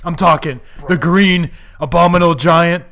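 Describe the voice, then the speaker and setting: A man putting on the voice of a loud, boastful male pro wrestler cutting a promo, in a gravelly shout. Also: a little high, fairly even intonation, moderate pace, voice pushed up. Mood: hyped.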